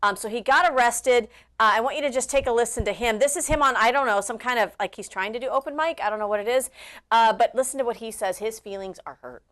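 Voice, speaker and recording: A woman's voice: fairly high pitch, quick pace, a bit bright. Chatty woman hosting political commentary. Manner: chatty, many fillers. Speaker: host.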